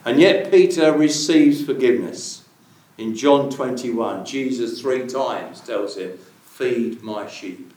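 A man's voice: mid-range voice, slow pace, darkish tone. A man preaching a sermon in an earnest way, putting searching questions to his listeners. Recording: very echoey room, voice from far off the mic.

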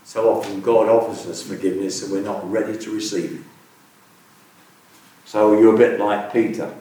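A man's voice: fairly low pitch, level tone, normal speed, dark tone, a little hiss or hum. Guy giving a sermon, earnest, asks the crowd questions, super echoey room. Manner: earnest, poses searching questions to listeners. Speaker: preacher. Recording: very echoey room, voice from far off the mic.

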